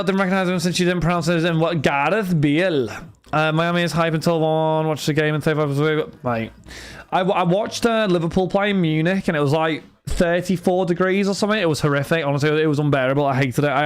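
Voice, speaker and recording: A man's voice: fairly high pitch, fairly even intonation, fast talker, clear, resonant tone. A young man chatting casually on a live stream, reading out viewer messages and talking football with frequent restarts. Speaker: livestream host running card breaks. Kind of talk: casual livestream chat.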